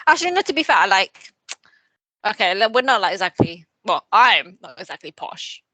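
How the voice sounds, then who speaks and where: Lively, bright British woman. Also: medium pitch, normal speed, no echo. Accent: British English. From Britain. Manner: chatty, lots of filler words. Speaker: podcast co-host. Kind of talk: casual chat.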